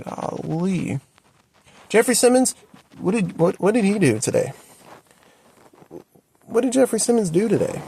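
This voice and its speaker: In an unhurried, creaky, husky voice with lively intonation and long pauses, a sports fan commentator rants at home about his football team. He is exasperated, repeats himself, and swings sharply in pitch throughout the opinion video.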